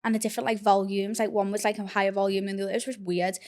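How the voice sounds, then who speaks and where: A woman's voice: medium pitch, flat delivery, racing, a little mellow. A young woman, telling a personal story in a candid, blunt way with plenty of swearing and fillers. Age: young adult. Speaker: podcast host. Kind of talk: casual confessional storytelling.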